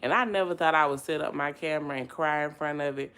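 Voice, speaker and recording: A woman's voice: sits low, fast talker, few pauses, fairly bright tone, clean tone. A woman from Alabama with a Southern accent, chatting casually and expressively to her livestream viewers. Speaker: livestream host. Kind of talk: casual livestream chat, reading comments aloud.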